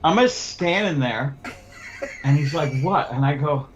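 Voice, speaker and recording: A man in casual podcast chat, telling a crude, animated anecdote. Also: a little high, measured pace, highs cut off, a little hiss or hum.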